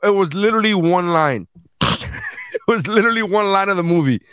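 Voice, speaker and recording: A man's voice: high voice, animated, a little fast, a bit bright, clear, resonant tone, no echo. A man co-hosting a podcast in casual chat, teasing and arguing, with frequent swearing. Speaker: podcast co-host.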